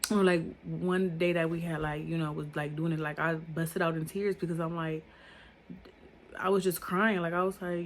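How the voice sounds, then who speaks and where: A woman's voice: fairly low pitch, steady tone, measured pace, fairly bright tone. A young woman telling a personal story in a casual, rambling monologue, with many filler words and loose grammar. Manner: rambling, filler-heavy talk.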